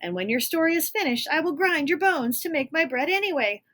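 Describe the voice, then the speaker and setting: Big clumsy giant guy booming threats, woman putting it on, loud. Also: expressive, a little fast. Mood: menacing. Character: big clumsy male giant, menacing but muddled.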